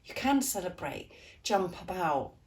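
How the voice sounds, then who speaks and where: Gushing, lower-voiced woman tarot reader. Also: big pitch swings, a little slow, a little hiss or hum. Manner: gushing, encouraging, laughs often; addresses viewers directly as guys. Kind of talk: weekly tarot card reading for viewers.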